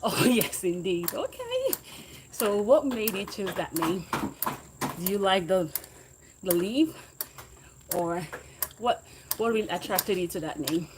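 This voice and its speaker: A woman talks to her livestream viewers in an encouraging, motivational way while she rides an exercise bike, and now and then she sounds a little out of breath. Her voice sits at an ordinary middle pitch. A steady background noise runs under the recording. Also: measured pace, pauses often. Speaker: livestreaming fitness vlogger. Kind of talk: casual livestream chat with viewers.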